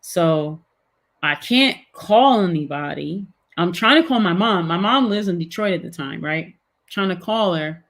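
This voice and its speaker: A woman's voice: on the low side, a little slow. A middle-aged woman, a guest, animatedly recounting a personal story in casual chat with many fillers. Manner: animated, filler-heavy retelling.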